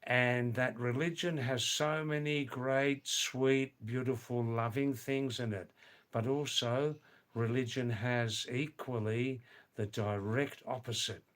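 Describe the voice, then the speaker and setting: An older man in his seventies speaks with a mild Australian accent, easing toward a neutral middle-of-the-road sound. He talks very slowly and deliberately, musing aloud and pausing to call viewers by name as he answers comments on his live stream. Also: mid-range voice, fairly even intonation, fairly bright tone. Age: 70s. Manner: unhurried, musing, pauses to address viewers by name. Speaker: livestream host. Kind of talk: casual live chat reading viewer comments.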